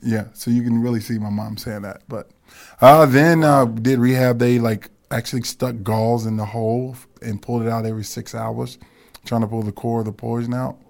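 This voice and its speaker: A man's voice: mid-range voice, fairly even intonation, moderate pace, creaky, a little mellow. A man, a football coach and guest, telling stories in a casual podcast chat and laughing as he talks. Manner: storytelling, laughs while talking.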